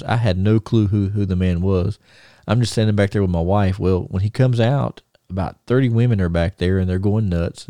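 Guy on a podcast, low voice, dry close mic, lots of ums and uhs. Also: vocal fry, warm tone, no echo. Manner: rambling with many fillers and restarts. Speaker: podcast co-host. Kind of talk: casual storytelling.

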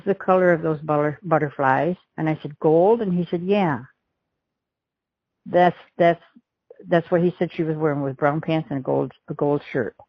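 The recording is dry and lo-fi, and the middle-aged woman's voice sits low. Recounting a past event as an interview witness, she tells it in a rambling way, acting out the dialogue she quotes.

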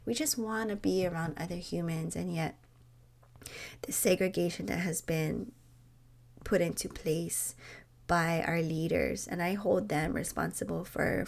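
A woman talks unscripted on her podcast, pleading and passionate. Her voice sits a little low with a gravelly fry. She presses hard on her points. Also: a little mellow. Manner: passionate, pleading, rising to emphatic. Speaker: podcast host. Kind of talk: unscripted personal talk.

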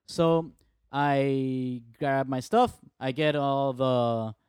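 Relaxed man telling a sports story. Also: medium pitch, drawn-out words, clean tone, dry recording, studio quality. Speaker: podcast co-host. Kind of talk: casual sports chat.

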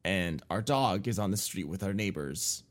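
A man co-hosting a podcast, telling a story in a casual, rambling way full of fillers and swearing, and getting loud and animated when he recalls the shock. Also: low-pitched, normal speed. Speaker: podcast co-host.

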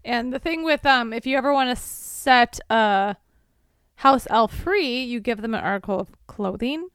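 A young woman co-hosting a podcast, casually retelling a story in a lively way and slipping into quick silly voices. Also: on the high side, clean tone, no room sound, studio quality. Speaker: podcast co-host. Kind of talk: casual chat recapping a story.

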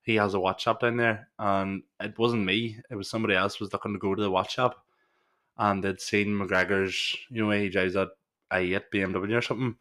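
A man's voice: on the low side, steady tone, fairly quick, fairly bright tone. A Northern Irish man co-hosting a casual podcast chat, telling rambling anecdotes and swearing freely. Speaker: podcast co-host.

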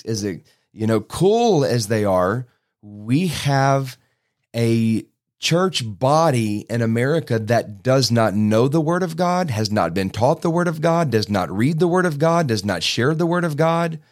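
A man's voice: medium pitch, measured pace. Man, forties, preacher, urgent exhorting sermon, mid-range voice. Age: 40s. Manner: urgent, exhorting, speeds up when excited.

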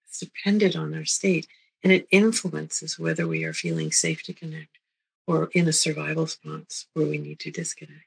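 A middle-aged woman, a therapist, giving a recorded lecture in a gentle, unhurried way, often checking in with the listener. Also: low voice, creaky, slightly rough, rough recording. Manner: gentle, unhurried, repeats words and checks in with "right?". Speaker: therapist teaching a psychology talk.

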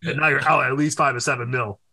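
A young man co-hosting a podcast in casual chat, animated and profane, with loud exclaims. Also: mid-range voice, quick pace, vocal fry. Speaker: podcast co-host.

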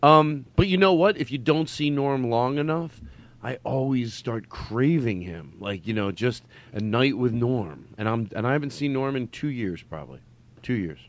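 A man's voice: mid-range voice, animated, normal speed. A man in casual conversation, rambling through a story with chuckling asides. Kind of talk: casual chat.

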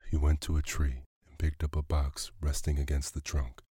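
Deep husky guy reading a bedtime story, calm and unhurried, dark dry sound. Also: no room sound. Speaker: narrator.

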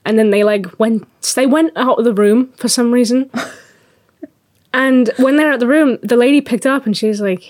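A woman's voice: on the high side, moderate pace, a little mellow, no room sound, studio quality. A woman co-hosting a podcast, chatting casually and telling a story with frequent laughter. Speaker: podcast co-host. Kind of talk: casual chat.

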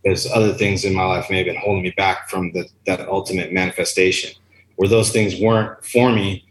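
A man's voice: low voice, level tone, fairly quick, roomy sound, low-quality recording. A man and musician talking casually and earnestly in a rambling, philosophical way. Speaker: musician guest. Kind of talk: casual chat.

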